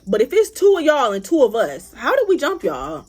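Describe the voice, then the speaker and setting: A young woman tells a storytime tale in a casual, foul-mouthed way. Her voice sits high and swings widely in pitch. She acts out bits of what others said along the way. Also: moderate pace, slightly rough. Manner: animated, profane, acts out other people's lines. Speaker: vlogger. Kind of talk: storytime vlog.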